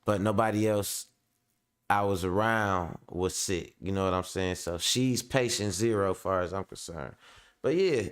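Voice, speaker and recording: A man's voice: low voice, normal speed, clean tone. A man hosting a casual live stream, talking in a loose, rambling, slangy way and laughing often, a little under the weather. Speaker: host of a commentary stream.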